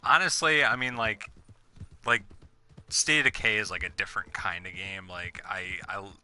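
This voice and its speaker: A man's voice: on the low side, fairly even intonation, moderate pace, bright, forceful tone, clear, resonant tone. A young man chatting casually while gaming, rambling with lots of fillers and swearing. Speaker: gamer.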